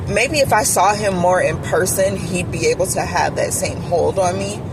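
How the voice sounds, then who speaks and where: A woman's voice: fairly low pitch, normal speed, noisy background. A woman telling a candid personal story in a chatty vlog style, with lots of "like" and "you feel me". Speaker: vlogger telling a relationship story.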